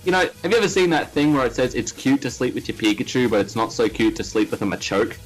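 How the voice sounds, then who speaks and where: A man's voice: medium pitch, expressive, fast talker, soft background music, poor audio. A man co-hosting a comedic podcast, wry and exasperated. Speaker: podcast co-host.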